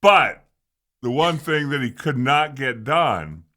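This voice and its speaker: Middle-aged man, ex-football co-host, playful teasing, laughs easily, bright tone. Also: medium pitch, animated, takes it slowly. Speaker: co-host, former pro football player. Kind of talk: casual sports talk show.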